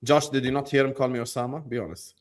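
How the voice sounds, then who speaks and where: A man hosting a casual football chat show, joking and teasing his panel between quick shout-outs. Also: medium pitch, steady tone. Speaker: host.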